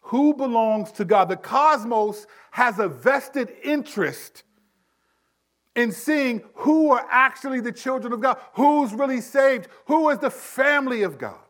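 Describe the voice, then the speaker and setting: A man with a notably high voice delivers a sermon as a pastor. He talks conversationally and often turns to his listeners with asides. He pushes hard on key words, then drops to a near-hush. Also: animated, a little slow. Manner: emphatic, swings from loud to hushed.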